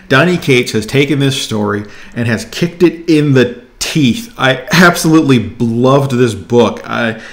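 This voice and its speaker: Excited man reviewing comics in a roomy space. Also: medium pitch. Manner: enthusiastic, excitable. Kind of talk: casual review vlog.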